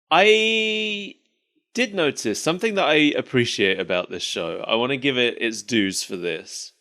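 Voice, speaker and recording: A man's voice: medium pitch, very animated, moderate pace, a bit bright. A man co-hosting a podcast in casual chat, rambling and laughing often at his own jokes. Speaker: podcast co-host.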